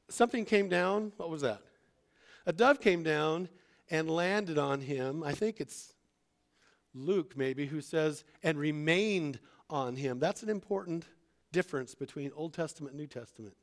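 Man, slightly high voice, Bible teacher, informal sermon, conversational. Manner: conversational, acts out quoted voices.

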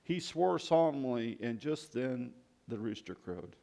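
A man's voice: medium pitch, animated, a little slow, vocal fry, mellow. A man preaching a sermon and reading scripture aloud, reflecting on the passages.

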